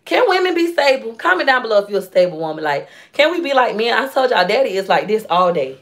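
A woman's voice: fairly high pitch, very animated, fast, a bit bright. A young adult woman vlogging in casual chat to her viewers, candid and emotional, telling stories in long run-on sentences. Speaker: YouTube vlogger.

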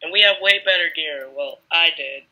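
A woman with a hoarse, coughing voice hosting a casual gameplay video in a laid-back, drawling way. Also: fairly low pitch, moderate pace, bright, forceful tone, low-quality recording. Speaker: gaming channel host.

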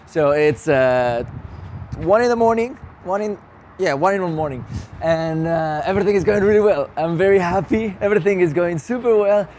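A young man vlogging at an outdoor music festival, chatting excitedly with lots of fillers and restarts while losing his voice. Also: high voice, normal speed, slight background noise. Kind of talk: casual vlog to camera.

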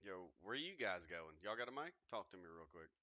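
A man's voice: low-pitched, sing-song, a little fast, pushed and bright, no room sound, muffled recording. A man in casual, profane banter with teammates while gaming on a headset mic. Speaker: gamer.

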